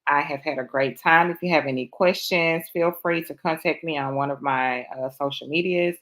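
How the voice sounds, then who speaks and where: A woman's voice: low-pitched, moderate pace, fairly bright tone. A woman guest on a podcast who teaches cybersecurity awareness, talking casually in a modest, hesitant, friendly way. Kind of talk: casual interview chat.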